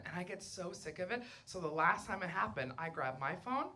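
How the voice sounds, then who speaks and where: A young woman performing a crude, brash stand-up set on a comedy club stage, with deadpan delivery, mocking voices and audience laughter behind her. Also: mid-range voice, fast talker.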